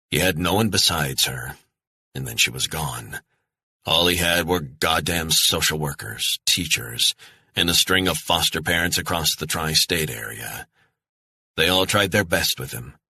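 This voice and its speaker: A man narrating a thriller audiobook in a grim, measured manner. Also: very deep voice, sharp tone, slightly rough, no room sound.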